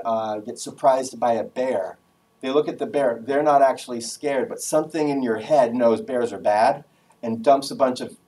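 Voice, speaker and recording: A man's voice: mid-range voice, distant mic, poor audio. An upbeat man gives a casual, jokey talk to a class on job skills. He is picked up a little away from the mic in a room. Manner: energetic, casual, jokey, acts out phone voices. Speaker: guest speaker giving a career talk.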